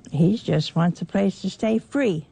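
A woman's voice: mid-range voice, unhurried, creaky, mellow, slightly rough. A woman preaching a folksy sermon, teasing her listeners and acting out the people in a parable.

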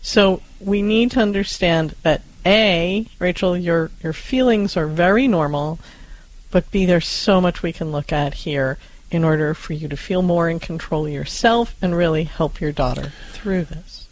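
Calm, reassuring talk show co-host, dry sound. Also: mid-range voice, a little slow, no echo, poor audio. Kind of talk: advice talk show discussion.

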